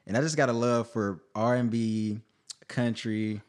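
Telling his life story during a casual interview, this thirtysomething singer-songwriter guest is lively, often laughing and starting sentences over. His pitch is medium and his delivery a little slow.

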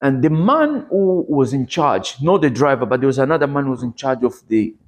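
A man's voice: animated, a little fast. A man from Congo, preaching and telling his testimony in an earnest storytelling manner. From Democratic Republic of Congo. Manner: earnest storytelling, rising pitch at dramatic moments. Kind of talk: sermon testimony.

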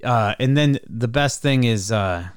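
A man hosting a podcast, telling a story in a casual, animated way, swearing often and laughing. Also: mid-range voice, measured pace, smooth, no echo, clean studio sound. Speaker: podcast host.

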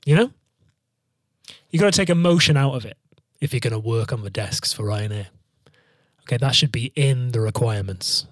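A man's voice: medium pitch, animated, moderate pace, no room sound, clean studio sound. A man telling long, jokey travel stories in casual chat, swearing freely and rambling.

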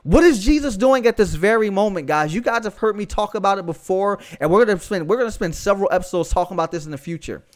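A man's voice: sits high, animated, quick pace, hardly any pauses. A man hosting a podcast, telling a testimony in a fervent, emphatic way with casual asides to his listeners. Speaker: podcast host.

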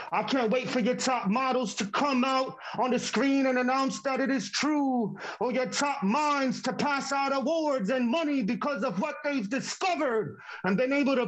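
A man performing an impassioned spoken word piece over a video call, rhythmic and building to shouts. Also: extremely high pitch, poor audio.

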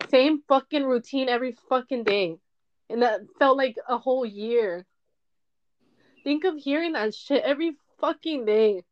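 A young woman tells her own story into a dull, lo-fi mic, her voice a little high and often close to tears. She talks candidly and emotionally, swearing freely as she goes. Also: moderate pace. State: tearful. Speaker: podcaster. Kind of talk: personal storytelling monologue.

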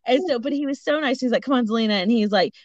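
Excitable high-voiced woman telling a story. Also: rapid-fire, dry recording. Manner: animated, laughs often, acts out quotes. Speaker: podcast co-host. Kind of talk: casual storytelling chat. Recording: dull lo-fi audio.

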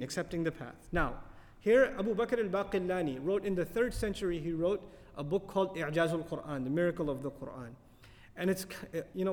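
Fast, high-voiced man teaching in a reverberant hall. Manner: animated, questioning the audience. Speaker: Quran teacher. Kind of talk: tafsir lecture.

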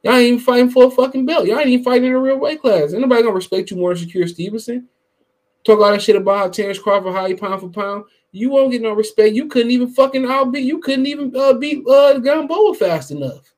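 Talking very fast in a very high-pitched voice, this man hosts a boxing podcast and greets his live chat. His casual commentary is heated and profane, emphatic and full of repetition.

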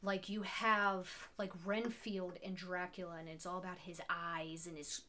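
A woman's voice: lowish voice, level tone, a little slow, pushed and bright. A woman co-hosting a podcast, talking about an old film in a casual, enthusiastic way, full of "like" and restarts. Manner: enthusiastic, filler-heavy with many restarts. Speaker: podcast co-host.

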